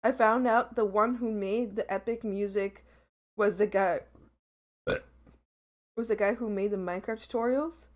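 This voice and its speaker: A woman's voice: medium pitch, fairly even intonation, a little slow, long pauses. A young woman streamer chatting casually, giggling often and swearing freely while she eats. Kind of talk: casual livestream chat.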